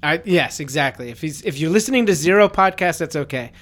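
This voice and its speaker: A man's voice: a little high, lively intonation, a bit bright. A man hosting a podcast, who chats casually, jokes at his own expense, and laughs easily. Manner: teasing, jokingly self-pitying, quick to laugh. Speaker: podcast host. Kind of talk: casual chat.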